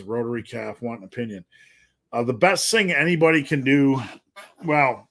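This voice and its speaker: A man's voice: mid-range voice, a bit bright. A man coaching on a live-stream, reading out viewer questions and answering in a loose, jokey way. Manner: jokey, loose and rambling, reads viewer names aloud.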